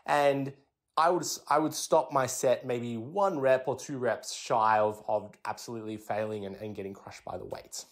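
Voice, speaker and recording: A young man, hosting a fitness podcast and explaining things in a relaxed, chatty way, with many fillers and restarts. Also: mid-range voice, moderate pace. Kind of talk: casual explanatory talk.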